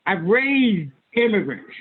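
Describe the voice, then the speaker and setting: A man's voice: high-pitched, big pitch swings, takes it slowly, slight background noise. A man in his sixties, an imam speaking as guest on a video call, talking emphatically in a folksy, repetitive way with stammered restarts. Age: 60s. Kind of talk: conversational lecture on a video call. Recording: tinny phone-like audio.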